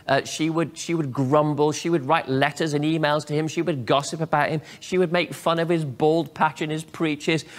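A man, a pastor preaching a sermon. He acts out quoted prayers and dialogue with lively swings in delivery. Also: a little high.

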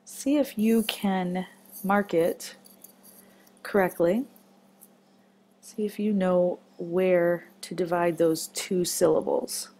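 A woman's voice: lowish voice, fairly even intonation, slow, pauses often, dark tone. A woman teaching a children's phonics lesson, patient and encouraging as she marks words step by step.

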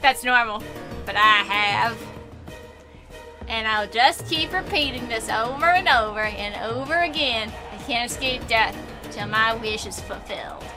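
A woman voicing a creepy, eerily calm young man from a visual-novel game, put on with an exaggerated Southern US accent. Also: a little high, a little slow, music in the background. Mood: grim. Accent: put-on bad Southern US drawl. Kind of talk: reading game dialogue aloud.

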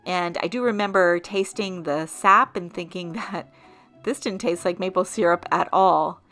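A woman from southern Vermont narrating her vlog as host, in an even, informative voice-over. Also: fairly low pitch, a little slow, faint music behind.

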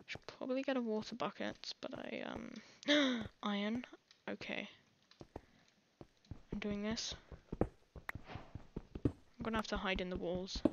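A woman's voice: mid-range voice, steady tone, slow, long pauses, lo-fi sound, noisy background. An English woman giving rambling, jittery live commentary over her own gameplay, full of panicked exclamations. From England. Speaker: gaming channel host.

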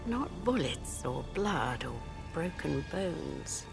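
A woman's voice: deep voice, sing-song, slow pace, vocal fry, heavily acted. An actress voicing a cold, scheming older woman villain in a video game, who speaks in a mocking, condescending way. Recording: game audio with music behind. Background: game music.

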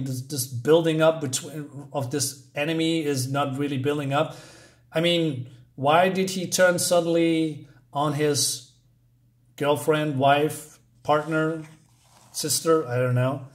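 Man, comic reviewer, mocking and sarcastic, slightly higher voice. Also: unhurried.

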